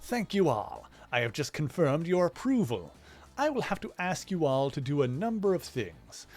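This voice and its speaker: A man's voice: a little high, very animated, moderate pace, a little mellow, soft background music. A man reading aloud the lines of a scheming hundred-year-old evil scientist from a video game, in a proclamatory way. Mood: proclaiming.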